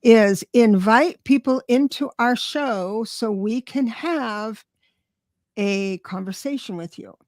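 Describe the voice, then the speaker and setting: A woman's voice: on the high side, slow, darkish tone, no room sound, clean studio sound. A woman hosting a live stream, chatting casually and greeting viewers by name. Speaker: livestream host.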